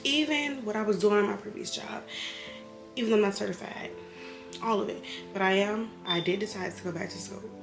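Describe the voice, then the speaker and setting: A woman, slightly tipsy, pours out a candid, emotional personal vlog in a mid-range voice, rambling and at times heated. Music plays clearly in the background throughout. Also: mid-range voice, fairly quick, roomy sound. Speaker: vlogger, single mother.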